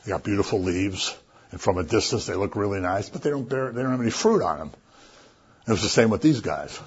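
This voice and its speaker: A man giving a sermon in a casual, conversational way, telling stories with lively asides. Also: on the low side, brisk, husky, highs cut off. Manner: conversational, animated storytelling with asides. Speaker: preacher.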